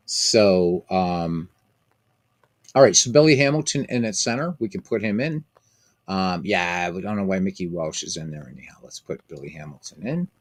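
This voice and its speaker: A man's voice: low voice, normal speed, dry recording. A man hosting a stream of a baseball simulation game, chatting casually with viewers in a rambling way full of fillers and restarts.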